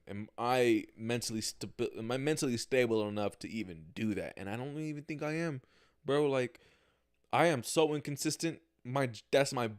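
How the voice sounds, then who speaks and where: A man's voice: lowish voice, smooth. A young man hosting a casual solo livestream podcast, talking candidly into a camera with slang and swearing, often acting out his own reactions. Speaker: podcast host. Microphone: camera mic, talking to camera.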